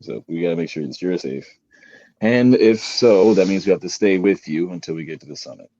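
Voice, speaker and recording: A man playing a tabletop role-playing game, speaking in character with expressive delivery. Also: sits low, brisk, dry recording, highs cut off. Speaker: player.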